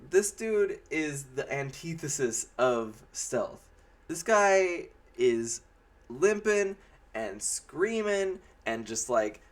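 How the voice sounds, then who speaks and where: Guy ranting sarcastically about a movie, rambly, does mocking little voices. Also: mid-range voice. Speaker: movie reviewer. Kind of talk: casual spoken movie review.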